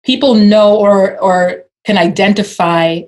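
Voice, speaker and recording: A woman guest with an African accent, speaking thoughtfully with pauses. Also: medium pitch, fairly even intonation, a little mellow. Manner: thoughtful, hesitant with fillers and laughs. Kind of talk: casual conversation.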